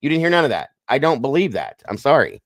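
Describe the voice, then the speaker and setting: A man's voice: mid-range voice, sing-song, fast talker, a bit bright, no echo, studio quality. A man on a discussion panel, speaking bluntly and skeptically.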